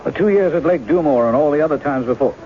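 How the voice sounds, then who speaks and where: An actor in a 1970s radio drama playing a smooth-talking male writer who poses as a woman's lost husband, wry and teasing. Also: on the high side, lively intonation, quick pace, close to an everyday voice. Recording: muffled old radio broadcast with music.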